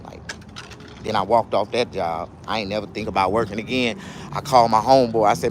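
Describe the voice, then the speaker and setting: A man telling a comedic story in a profane, animated, emphatic way. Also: mid-range voice, quick pace, slight background noise.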